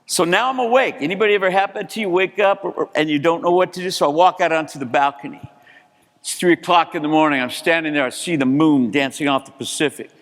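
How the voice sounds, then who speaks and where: A man telling a motivational story as a keynote speaker, acting out dialogue and sometimes shouting. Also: fairly high pitch. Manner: animated, acts out dialogue, rises to shouts. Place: large hall, live audience. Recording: hall reverb.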